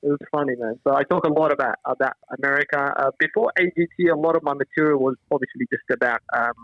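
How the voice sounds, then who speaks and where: A man's voice: mid-range voice, fast talker, no room sound, lo-fi sound. A man from East Africa with an Australian accent, a comedian telling stories on a podcast and acting out the voices of people he quotes. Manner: animated, acts out quoted voices. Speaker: stand-up comedian guest. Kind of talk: casual podcast storytelling.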